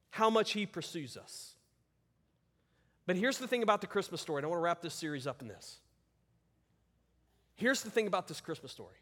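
A man's voice: sits high, a bit bright, in a large hall. A male pastor preaching a sermon, earnest and emphatic, repeating words for stress.

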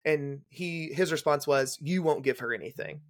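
A young adult man, a guest on a podcast, telling a detailed clinical story in a brisk, casual way and acting out the dialogue. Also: on the high side. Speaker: guest, legal nurse consultant.

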